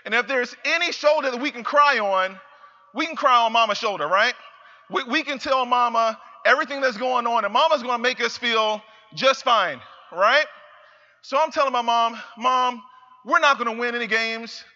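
A young man giving an emphatic motivational speech, repeating phrases and building up to shouts. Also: extremely high pitch, normal speed. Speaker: motivational speaker. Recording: reverberant hall, slightly dull sound.

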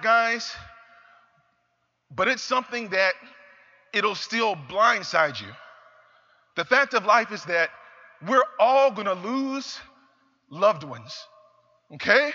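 A young man giving an emphatic motivational speech, repeating phrases and building up to shouts. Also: sits high. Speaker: motivational speaker. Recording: reverberant hall, slightly dull sound.

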